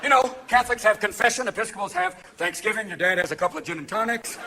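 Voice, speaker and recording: A man doing a stand-up comedy routine, manic, swinging between shouts and hushed asides, recorded live on stage. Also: high voice, fast, hardly any pauses, background noise.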